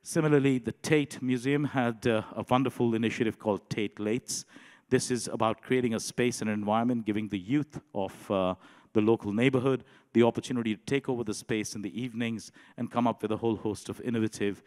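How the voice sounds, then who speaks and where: A man giving a conference presentation in a measured way, often pausing with um and you know. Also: mid-range voice, steady tone, a little mellow, in a large hall. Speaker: conference speaker. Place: conference hall.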